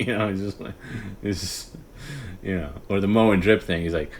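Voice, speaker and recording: A man hosting a casual late-night stream, rambling, often laughing and breaking into hushed imitations of others. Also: sits low, steady tone, normal speed, long pauses, slight background noise. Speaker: podcast host.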